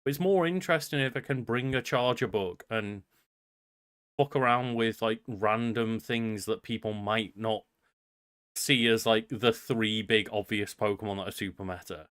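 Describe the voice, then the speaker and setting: A man's voice: fairly low pitch, a little slow, fairly bright tone, clean tone, no room sound, studio quality. A man co-hosting a podcast in rambling, sweary casual chat full of fillers. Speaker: podcast co-host.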